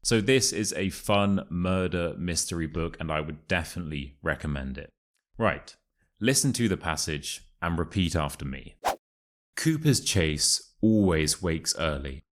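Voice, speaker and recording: A young man with a Modern RP English accent teaching pronunciation, reading passages slowly and clearly, then chatting casually between them. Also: sits low. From England. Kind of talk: pronunciation lesson with read-aloud passages.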